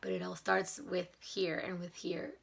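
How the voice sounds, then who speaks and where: A woman's voice: lowish voice, monotone, measured pace, gravelly. A woman vlogging in a casual, earnest chat to camera, grateful and a little emotional as she talks. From not from Canada. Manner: enthusiastic about mindset and gratitude.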